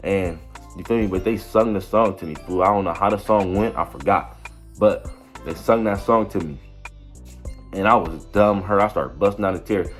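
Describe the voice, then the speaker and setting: A man's voice: low-pitched, normal speed, soft background music. Slangy young man rambling through a story. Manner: slangy, rambling, repeats "you feel me". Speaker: vlogger. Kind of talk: casual storytelling.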